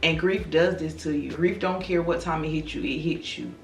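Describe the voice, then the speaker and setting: A grieving woman in her thirties speaks slowly in a low, subdued voice, confiding in her viewers. She sits back from the microphone in a roomy space, and faint music plays underneath. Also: far from the mic, slight background noise. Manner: slow, soft-spoken, confiding, calls listeners girl and y'all. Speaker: vlogger. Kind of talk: personal direct-to-camera talk.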